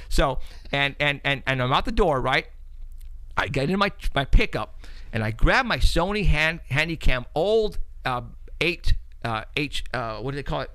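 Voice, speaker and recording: A man's voice: medium pitch, animated, normal speed, sharp tone, no room sound. A man hosting a paranormal talk show, telling a long story in a rambling way, repeating words and laughing often.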